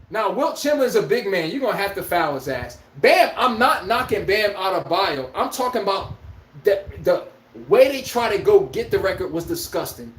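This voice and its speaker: A man hosting his own podcast, ranting about basketball with profanity and rhetorical questions, speaking. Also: extremely high pitch. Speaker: podcast host. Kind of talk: ranting sports commentary. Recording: echoey room.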